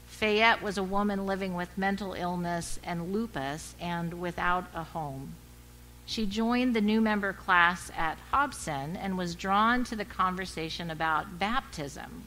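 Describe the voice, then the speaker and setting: A woman pastor giving a sermon, telling a story in a measured, reflective way. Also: lowish voice, bright, forceful tone, slight background noise, poor audio.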